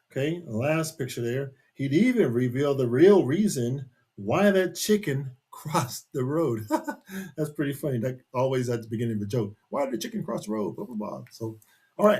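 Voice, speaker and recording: A man's voice: mid-range voice, animated, moderate pace, darkish tone, husky. A man reading a picture book aloud to children in a chatty way, stopping to ask his young listeners questions.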